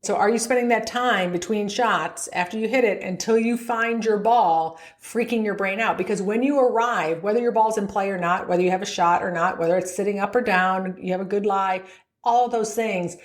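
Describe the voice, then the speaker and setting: A woman's voice: medium pitch, moderate pace, echoey room. Woman, middle-aged, golf mental coach, upbeat, frequent laughter, podcast talk. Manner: upbeat, laughs often, acts out inner voices.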